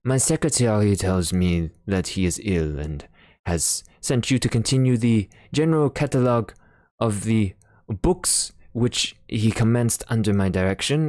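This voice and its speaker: A man reading an audiobook voices an elderly retired male architect who talks in a brisk, businesslike way. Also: lowish voice, darkish tone, no room sound, clean studio sound, natural voice.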